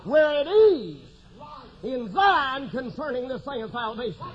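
A man preaching a fervent revival sermon, shouting and then dropping to a hush. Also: animated, a little slow. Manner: fervent, swings from loud shouting to low hushed tones. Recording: dull lo-fi recording with faint hiss.

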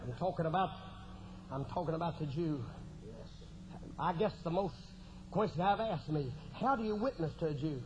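A man preaching a fervent revival sermon, shouting and then dropping to a hush. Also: animated, normal speed, pauses often. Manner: fervent, swings from loud shouting to low hushed tones. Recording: dull lo-fi recording with faint hiss.

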